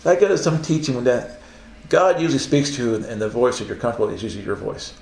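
Male preacher, conversational teaching sermon, animated and playful, mid-range voice in a roomy space. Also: medium pitch, rapid-fire. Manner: animated, acts out quoted voices, laughs often.

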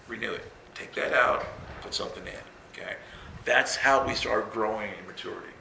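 A male preacher with a gravelly, bright and forceful voice, speaking to a congregation in a loose, storytelling style. His words ring through a roomy, echoing hall over a faint hiss. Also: mid-range voice, normal speed. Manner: storytelling, conversational, self-mocking humor. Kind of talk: sermon. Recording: roomy echo with faint noise.

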